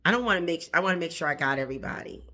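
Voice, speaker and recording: Bright-voiced woman giving folksy encouragement. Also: on the low side, lively intonation, racing. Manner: encouraging, folksy, repeats phrases for emphasis; chuckles often mid-sentence. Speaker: plant channel host. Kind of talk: casual motivational talk to viewers.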